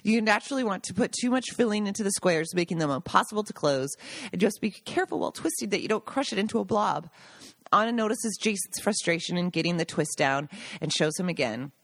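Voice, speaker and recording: A woman's voice: medium pitch, animated, quick pace, fairly bright tone, dry recording. A woman reading aloud from her own memoir, stopping now and then for personal asides and laughter. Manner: breaks off the reading for emotional asides, laughing and choked up.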